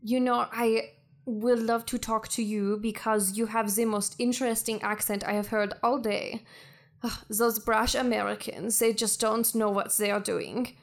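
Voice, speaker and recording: A woman's voice: fairly high pitch, level tone, slow pace, few pauses, a little mellow. A woman voicing a proud, picky French hologram woman who speaks in an aloof, disdainful way. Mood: haughty.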